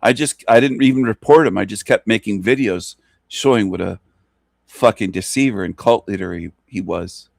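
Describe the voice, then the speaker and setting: A channel host delivers a taunting, contemptuous ranting monologue, packed with repeated jabs. His voice sits on the low side with vocal fry, at a moderate pace. Clean studio sound, no echo.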